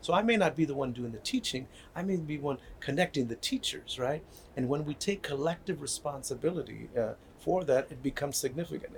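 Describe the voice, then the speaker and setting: A man's voice: on the high side, animated, brisk, creaky, a little hiss or hum. An older man speaking as a guest about healing and community, telling stories earnestly and often checking in with "right?". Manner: earnest, repeats words, asks "right?" often. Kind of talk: conversational storytelling.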